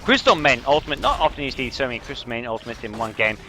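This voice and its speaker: A young man casting a video game match on his own, with a slight French accent, explaining strategy calmly and getting excited on big plays. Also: mid-range voice, racing, a little hiss or hum. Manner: analytical, rising to excited bursts on big plays. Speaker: esports caster. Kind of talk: solo game commentary.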